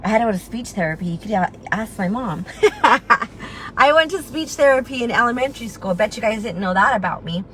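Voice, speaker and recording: A woman's voice: a little high, fairly quick, poor audio. Give me a chatty woman with a slight lisp giving a motivational recruiting talk, with a faint hiss in the background. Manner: chatty and animated, acts out her own inner voice, laughs at herself. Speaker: network marketing team leader.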